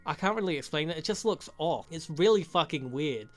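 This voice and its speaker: A man's voice: on the high side, expressive, a little fast, soft background music. A young man giving a rambling, profane, joking recap of a movie as a reviewer. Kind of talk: crude comedic movie recap.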